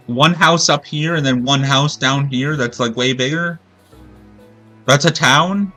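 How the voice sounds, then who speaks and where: A man's voice: medium pitch, a little slow, pushed and bright, faint music behind. A man streaming a video game and ranting in a rambling, profane, exasperated way. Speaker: gaming streamer. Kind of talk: gameplay commentary rant.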